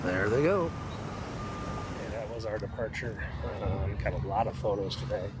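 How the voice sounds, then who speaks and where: A man's voice: lowish voice, normal speed. A man from the United States chatting straight to his viewers in a casual vlog while out walking and driving. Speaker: vlogger. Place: outdoors on city streets and in a car. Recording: outdoor street and traffic noise.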